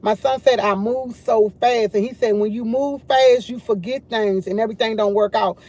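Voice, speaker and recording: A woman's voice: on the high side, steady tone, normal speed, darkish tone. A woman hosting a casual morning livestream, chatting and rambling directly to her viewers. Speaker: livestream host.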